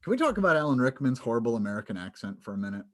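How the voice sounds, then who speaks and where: A man's voice: mid-range voice, big pitch swings, racing. A man hosting a casual podcast over a video call, wry and prone to interrupting himself.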